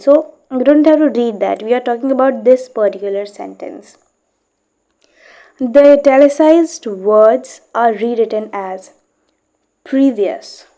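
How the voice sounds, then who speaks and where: A woman with a slightly high, mellow voice teaches English pronunciation. She speaks slowly, reads a book passage aloud, then explains it and often checks in with "okay?".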